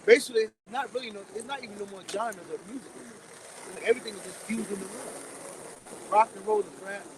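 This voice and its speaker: A high-voiced man preaches outdoors on a city street, blunt, profane and repetitive. He is heard from a step back off the mic, with faint traffic behind him. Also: a little fast, distant mic.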